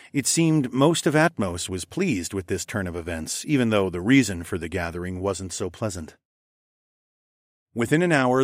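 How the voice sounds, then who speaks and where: A man's voice: fairly low pitch, no echo, studio quality. A man narrating a fantasy audiobook in the first person, conversational and wry with casual swearing.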